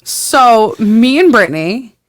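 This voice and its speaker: A woman's voice: fairly high pitch, slow pace, no room sound. A woman co-hosting a podcast, telling a story in casual chat and acting out the dialogue with laughter. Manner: animated, laughing, acts out quoted dialogue. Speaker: podcast co-host.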